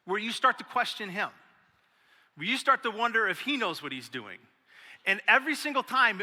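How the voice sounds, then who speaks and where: A middle-aged man, a pastor, telling a story in a sermon and acting out other people's lines with lively energy. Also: high-pitched. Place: church hall. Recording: long hall reverb.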